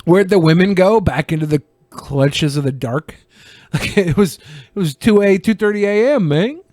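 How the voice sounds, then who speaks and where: A man's voice: high voice, expressive, moderate pace, a little mellow, dry recording. A man on a podcast casually recounting a late-night story, chuckling and quoting the people he met. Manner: laid-back, chuckling recollection with quoted voices. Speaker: podcast co-host.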